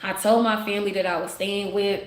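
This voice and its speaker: A woman vlogger casually telling a personal story to her viewers, candid and animated, laughing often and calling them y'all. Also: mid-range voice, brisk, roomy sound. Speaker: spiritual vlogger.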